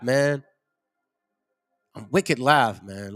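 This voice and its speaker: A man talks through a casual commentary with a lively voice that rises and falls a lot. He rambles, repeats himself and drops slangy asides. Faint music plays behind him. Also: a little high, moderate pace, gravelly. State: headache, struggling to focus. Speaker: host.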